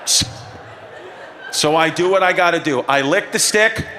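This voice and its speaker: A man performing live stand-up storytelling on a concert hall stage, animated and escalating, acting out the people in his story. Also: a little high, slight background noise. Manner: animated, escalating, acts out voices. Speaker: stand-up comedian.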